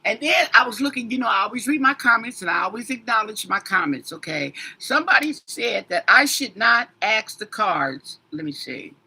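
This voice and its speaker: A husky woman's voice with a strikingly bright edge, chatting casually as a tarot reader on a livestream. Her pitch swings widely as she rambles and answers commenters directly, getting emphatic as she goes. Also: expressive, moderate pace, hardly any pauses. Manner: rambling, talks straight to commenters.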